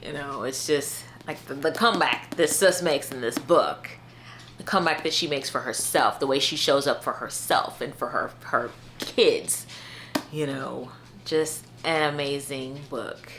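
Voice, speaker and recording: A woman's voice: rumbling low, measured pace, a bit bright, a little hiss or hum. A woman giving a casual, chatty book review, peppered with "like" and "you know," earnest and heartfelt.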